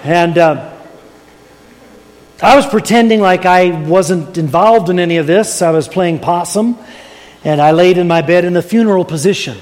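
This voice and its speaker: A man's voice: sits high, normal speed, a little mellow, slight background noise. An older man preaching a sermon, telling a family story in a folksy way and chuckling at his own jokes. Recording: long hall reverb.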